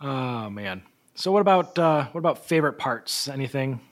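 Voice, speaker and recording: Relaxed podcast host asking questions. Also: mid-range voice, moderate pace. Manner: relaxed, hesitant fillers. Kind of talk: casual chat.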